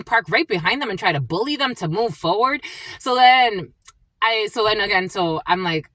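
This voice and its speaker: Woman reader, chatty and blunt, lots of swearing, very lively pitch, dry recording. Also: normal speed, dry recording. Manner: blunt, profane, animated retelling; addresses listeners as "my lovies". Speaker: spiritual reader. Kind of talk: casual storytelling monologue.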